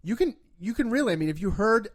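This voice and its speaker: A man's voice: high-pitched, sing-song, quick pace. A man with a Rhode Island accent, a guest on a podcast, chatting casually and rambling through stories. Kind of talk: casual chat.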